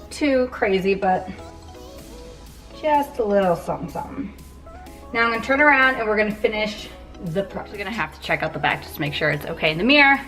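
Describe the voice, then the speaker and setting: A young woman chatting casually through a hair tutorial, with filler words and quick asides. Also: medium pitch, a bit bright. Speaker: beauty vlogger.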